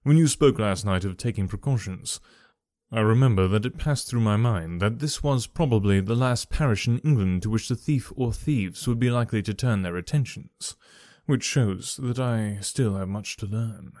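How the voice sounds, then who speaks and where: A male reader playing a cool, thoughtful detective who muses aloud in a measured way. The read is dry and close, with no room sound. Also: on the low side, darkish tone, no echo, voice pushed down, lightly acted. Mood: musing. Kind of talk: audiobook character reading.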